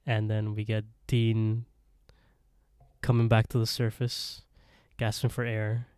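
A man's voice: lowish voice, completely flat delivery, slow, darkish tone, smooth, no echo, studio quality. A man co-hosting a podcast, recapping an episode in a rambling, casual way and acting out the characters' lines with laughs. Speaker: podcast co-host.

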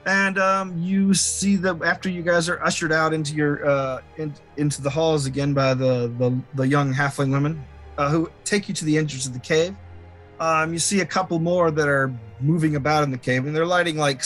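A man's voice: on the high side, a bit bright. A man narrating a tabletop game as game master, hesitant with many fillers. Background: faint music.

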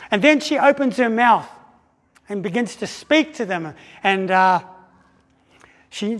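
A man preaching a sermon, telling a story in an animated way and acting out the voices of the people in it, with frequent restarts. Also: high voice. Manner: animated, acts out quoted voices with pauses and restarts. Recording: long hall reverb.

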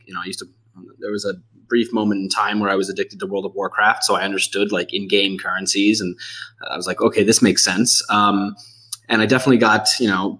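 A man speaking as a guest on a casual podcast interview, relaxed and chatty, joking, with frequent fillers. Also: on the low side.

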